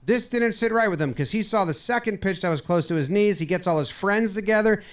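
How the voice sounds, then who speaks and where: A man's voice: high voice, fairly quick. A man giving a playful, comedic breakdown of game footage, acting out the players' lines with mock dialogue. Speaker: baseball video commentator. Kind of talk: comedic sports breakdown over clips.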